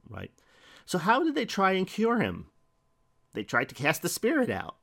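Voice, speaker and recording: A man's voice: high voice, huge pitch swings, normal speed, gravelly, fairly bright tone. A middle-aged man preaching a sermon in a conversational way, asking rhetorical questions and reading scripture aloud.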